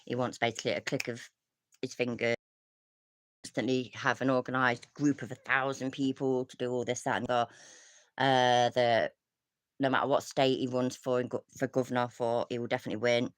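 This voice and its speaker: A woman's voice: very deep voice, level tone, normal speed, no echo. A woman, ranting casually as a commentary streamer, rambling with restarts, sighs and frequent swearing.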